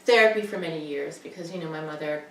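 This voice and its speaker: A woman's voice: deep voice, quick pace. An older woman rambling wryly and self-deprecatingly in a casual personal video message at home. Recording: roomy, distant mic, faint noise.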